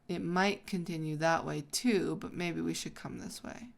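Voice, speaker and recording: A woman hosting a gaming video, telling a story in a casual way while she plays and breaks off into excited exclamations. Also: sits low, normal speed, creaky.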